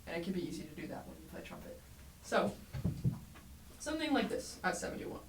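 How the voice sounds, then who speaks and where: A woman teaching a trumpet lesson, explaining clearly and encouragingly, sometimes singing rhythms aloud. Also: lowish voice, big pitch swings, fairly quick. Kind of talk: music lesson tutorial. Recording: roomy echo, mic at a distance, faint background noise.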